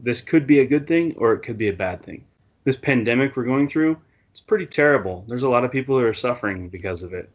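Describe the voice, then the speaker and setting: A man's voice: mid-range voice, a little fast. A man talking casually and reflectively in a scripture discussion, rambling a little and restarting his sentences. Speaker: scripture study discussion participant.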